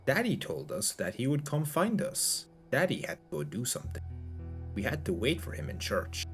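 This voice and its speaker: A man's voice: medium pitch, wildly swooping pitch, moderate pace, faint music behind, pitched above the performer's own voice. Sharon, a man doing a childlike survivor. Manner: short simple sentences, childlike. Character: young woman with a child's mind, fearful. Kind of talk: audiobook-style reading.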